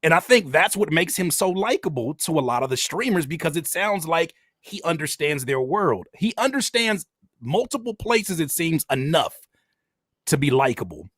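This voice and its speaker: A man hosting a casual podcast chat, talking in an animated way and acting out quotes. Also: a little high, moderate pace, slightly rough, no room sound, studio quality. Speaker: host.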